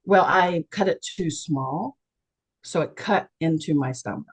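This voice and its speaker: A woman from West Virginia candidly telling her personal story on a video call, animated and acting out the voices of the people in it. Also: deep voice, a little slow, breathy edge, poor audio. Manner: animated, acts out quoted people with big jumps in voice. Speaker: panelist and co-author sharing a near-death experience.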